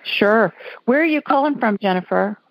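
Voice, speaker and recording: A woman's voice: fairly high pitch, expressive, moderate pace, no room sound. A woman from Alabama, hosting a call-in radio show in a folksy, chatty way. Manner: chatty, folksy, laughs often. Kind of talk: casual call-in radio chat. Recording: dull lo-fi audio.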